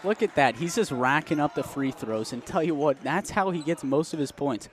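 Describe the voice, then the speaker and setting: A young man calls a college basketball game in a loose, joking way, laughing often between plays. His voice sits a little high for a man, and he talks close to the microphone, so his breathing comes through. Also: expressive, normal speed, a crowd in the background. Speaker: student sports commentator. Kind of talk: casual play-by-play commentary.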